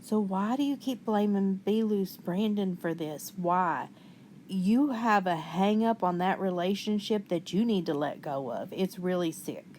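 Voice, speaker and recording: A woman hosting a commentary video, calmly and skeptically rebutting the clips she plays. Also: mid-range voice, measured pace. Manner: calm, skeptical, wry rebuttals. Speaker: commentary channel host. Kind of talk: reaction commentary.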